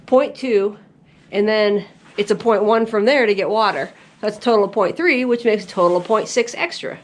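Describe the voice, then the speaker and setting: A woman's voice: medium pitch, moderate pace, slight background noise. A woman hiker talking to her camera on a mountain trail, chatty and giggly as she tells a story. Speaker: thru-hiker vlogger. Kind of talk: casual outdoor vlog narration.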